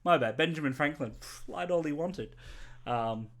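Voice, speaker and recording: A man co-hosting a casual livestream, joking and rambling. He corrects himself mid-sentence and talks with a lively, bouncing pitch. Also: moderate pace. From Australia. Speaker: stream co-host.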